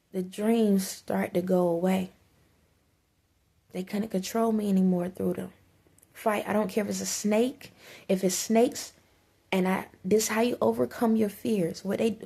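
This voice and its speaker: Woman vlogger, flat delivery, gravelly texture, urgent and repetitive spiritual pep talk. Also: medium pitch. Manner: emphatic, repetitive urging, stumbles and restarts. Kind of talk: preachy spiritual advice monologue.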